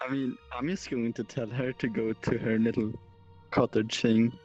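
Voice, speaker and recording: A man's voice: medium pitch, little pitch movement, moderate pace, a little mellow, soft background music. Hesitant man on a dull, lo-fi mic. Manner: hesitant, trailing off. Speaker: player. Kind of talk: casual game chat.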